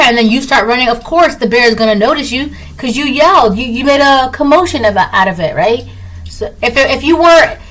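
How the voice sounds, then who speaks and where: A woman gives a casual, spoken tarot reading in a voice that sits a little high. She talks in loose, repetitive phrases and keeps checking in with "right?". She breaks into quick little acted voices to make her examples vivid. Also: a bit bright, poor audio. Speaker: tarot reader.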